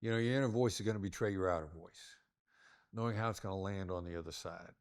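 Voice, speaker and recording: Older male negotiation expert, low voice, plays with his tone to show each point. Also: fast, clear, resonant tone, no room sound, studio quality. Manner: demonstrative, varies tone to illustrate points. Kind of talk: interview conversation.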